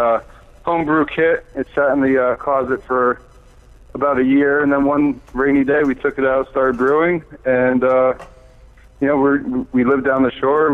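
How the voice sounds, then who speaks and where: A man in his thirties, a brewer calling in as a guest, telling his story in a plain, easygoing way with many fillers. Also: medium pitch. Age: 30s. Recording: tinny phone line.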